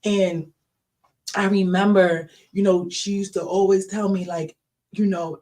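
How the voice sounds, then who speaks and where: A woman's voice: medium pitch, brisk. A woman hosting a podcast, telling a personal faith story in a casual, emotional way and speaking straight to her listeners. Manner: emotional, animated storytelling addressing listeners directly. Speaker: podcast host. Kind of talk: casual faith testimony talk.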